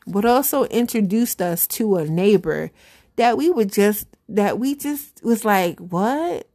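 A woman's voice: medium pitch, animated, takes it slowly, mellow. A middle-aged woman hosting her own show, chatting casually and animatedly, laughing often and talking straight to her listeners. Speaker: podcast host. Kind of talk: casual solo commentary.

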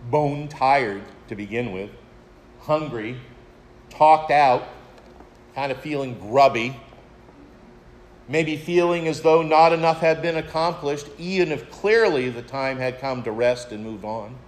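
A man's voice: medium pitch, a little slow. A man preaching a sermon, retelling a story in a reflective way and addressing his listeners as friends. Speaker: pastor.

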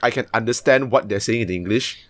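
A man's voice: medium pitch, a little fast, fairly bright tone, dry recording. A man in casual conversation, easygoing, with hesitant restarts. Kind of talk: casual chat.

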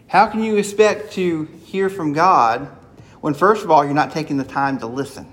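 A man with a notably high voice delivers an earnest sermon. He keeps it conversational and slips into sample prayers as if talking straight to God. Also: moderate pace, a bit bright. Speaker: preacher.

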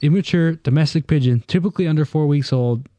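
A man's voice: fairly high pitch, quick pace, dry recording. A man co-hosting a casual podcast, swearing freely and reading facts aloud in a plain reading tone. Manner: profane, reads facts aloud in a flat reading tone. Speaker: podcast co-host. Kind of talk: casual chat.

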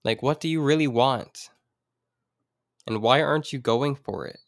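A man's voice: mid-range voice, unhurried, creaky, dry recording, clean studio sound. A man hosting his own podcast, talking alone in an earnest, reflective way with jokey asides. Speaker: podcast host. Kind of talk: solo motivational podcast talk.

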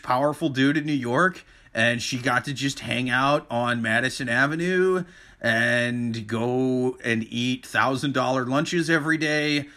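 Young guy on a podcast, bright sharp voice, crude and blunt. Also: medium pitch. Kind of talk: casual podcast chat.

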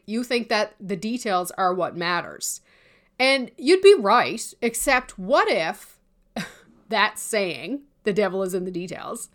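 A woman's voice: medium pitch, a bit bright. A woman coach giving a candid, informal talk on building an online course, with casual swearing and teasing asides. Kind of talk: promotional talk on course creation.

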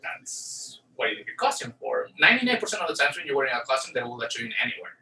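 A man's voice: medium pitch, big pitch swings, racing, vocal fry, sharp tone. A man co-hosting a casual chat, rambling and joking, often trailing off mid-sentence. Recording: roomy echo, distant mic, faint noise.

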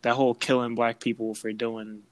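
A man's voice: mid-range voice, little pitch movement, brisk, crowd noise, low-quality recording. A young man, chatting casually and animatedly, acting out voices in his stories. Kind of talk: casual chat.

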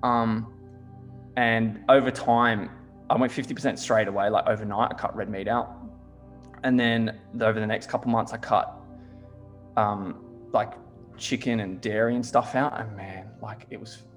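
A man's voice: fairly low pitch, normal speed. A young man talking in an easy, casual chat. He tells his stories animatedly, leans on "like" constantly and swears freely. Faint music sits under his voice. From Australia. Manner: swears a lot, heavy use of "like", animated storytelling.

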